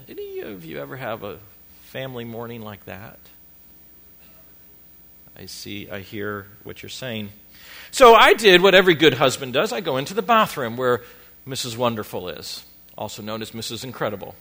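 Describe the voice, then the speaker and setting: A middle-aged male pastor tells a funny story during a sermon to his church congregation, speaking at normal speed with a medium-pitched voice. He's animated, self-deprecating and playful, acting out family scenes.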